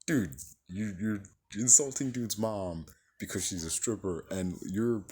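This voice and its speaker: A man's voice: fairly low pitch, a little slow, darkish tone, slightly rough. A man giving a casual, rambling film review, swearing freely and filling his sentences with "like" and "you know.". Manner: rambling, profane, heavy use of filler words. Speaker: movie reviewer.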